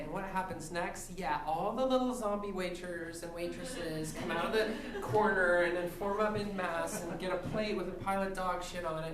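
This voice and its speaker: A woman of forty doing a stand-up comedy set, ranting wryly and laughing often. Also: fairly low pitch. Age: 40s. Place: theatre stage with live audience. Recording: roomy live theatre, loud crowd laughter.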